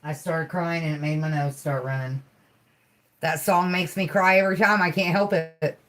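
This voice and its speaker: A woman hosting a healing livestream, speaking soothing affirmations and chatting casually with soft, giggly asides. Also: low-pitched, steady tone, moderate pace. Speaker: livestream host.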